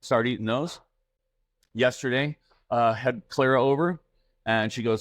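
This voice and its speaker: A man's voice: medium pitch, steady tone, moderate pace, dry recording. Middle-aged man telling a home story. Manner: anecdotal, acts out family dialogue. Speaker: podcast co-host. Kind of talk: casual chat, storytelling.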